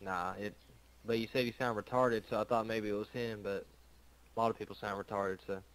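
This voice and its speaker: A man's voice: on the low side, steady tone, a little fast, a bit bright, rough recording. A man speaking in character in a roleplay game chat, blunt, terse and profane.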